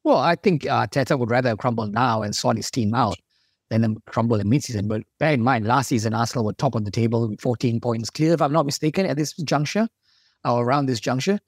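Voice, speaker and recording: A man's voice: mid-range voice, quick pace, no room sound. A man giving upbeat, confident opinions as a football pundit in casual studio chat.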